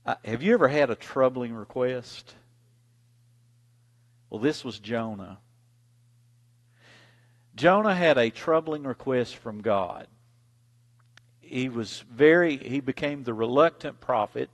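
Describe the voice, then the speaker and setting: Gravelly dramatic preacher man. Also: medium pitch, lively intonation, slow, pauses often. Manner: dramatic, dynamic delivery, big swings in loudness. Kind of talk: sermon with scripture reading.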